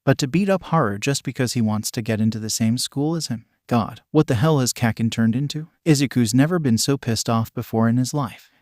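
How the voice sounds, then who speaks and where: A man giving steady, scripted narration of a story. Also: medium pitch, dry recording, studio quality.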